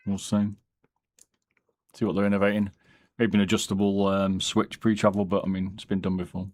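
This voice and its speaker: A man chatting casually on a live stream, rambling in a relaxed way as he answers questions from chat. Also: low voice, brisk. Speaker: streamer and mouse modder. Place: home, during a live stream.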